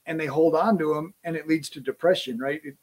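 A man's voice: on the high side, steady tone, fairly quick, a little mellow. A middle-aged man hosting a podcast, talking earnestly in casual conversation and often restarting his phrases. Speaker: podcast host.

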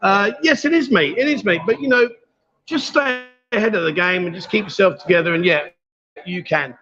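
A man's voice: high-pitched, animated, a little fast, sharp tone. A man hosting a livestream from a bar, chatty and teasing with his guests. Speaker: livestream host. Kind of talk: casual chat. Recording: dull lo-fi livestream audio.

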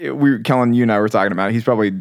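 Male podcast host, animated storyteller, mid-pitch, dry close mic. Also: very fast, no room sound. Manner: animated storyteller, acts out quotes. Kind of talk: casual faith podcast chat.

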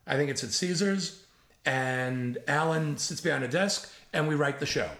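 A man's voice: on the high side, moderate pace, reverberant. A man in his seventies, a comedy writer, telling casual anecdotes with imitations and frank swearing. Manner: lively storyteller who imitates others and swears freely.

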